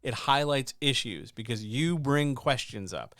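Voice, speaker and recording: A man's voice: medium pitch, expressive, measured pace, hardly any pauses, fairly bright tone, dry recording, studio quality. A man coaching writers in a casual, emphatic way, often asking rhetorical questions. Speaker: writing coach and editor. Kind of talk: casual instructional talk.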